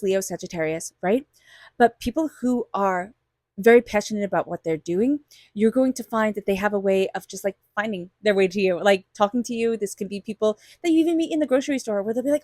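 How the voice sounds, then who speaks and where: A woman's voice: medium pitch, darkish tone, no room sound, studio quality. A woman tarot reader giving a monthly reading straight to her viewers, chatty and enthusiastic, sometimes acting out little quoted voices.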